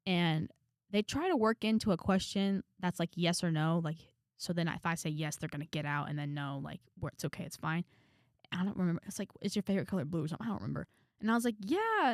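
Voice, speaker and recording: A young woman vlogger telling a story to camera in a casual, animated way, with dramatic quoted asides. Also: on the low side, no room sound, clean studio sound. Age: young adult.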